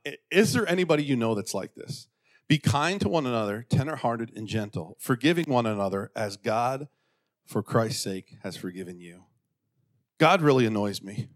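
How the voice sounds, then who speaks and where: In a church, a middle-aged pastor with a mid-range voice delivers a sermon, moving between quiet asides and loud, exclamatory outbursts.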